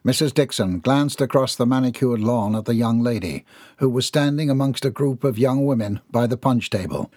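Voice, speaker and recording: Husky male audiobook narrator. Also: medium pitch, moderate pace, a little mellow, dry recording, studio quality. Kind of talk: scripted narration.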